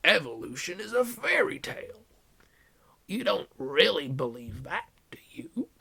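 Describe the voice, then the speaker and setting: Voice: medium pitch, very animated, a little slow, creaky, sharp tone, slightly rough, voice pushed up, heavily acted. A reader voicing a cheerful, preachy giant man in a sing-song, exaggerated way for a comedic fanfiction reading. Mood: smug.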